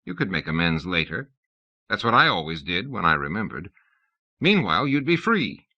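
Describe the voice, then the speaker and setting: A man voicing a cunning old male god who coaxes in a smooth, persuasive way. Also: low-pitched, big pitch swings, moderate pace, sharp tone, no room sound, full character voice. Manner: coaxing, persuasive. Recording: dull lo-fi audiobook tape.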